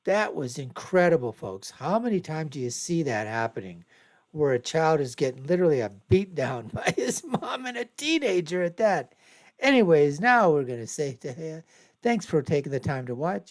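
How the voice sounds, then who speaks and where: A man's voice: a little high, sing-song, normal speed, gravelly. Rambling male show host. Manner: rambling, repetitive, emphatic. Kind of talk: casual commentary on video clips.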